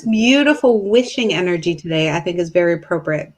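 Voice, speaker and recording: A woman's voice: on the low side, lively intonation, a little fast. A woman co-hosting a live online chat, upbeat and enthusiastic with casual slang. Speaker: co-host.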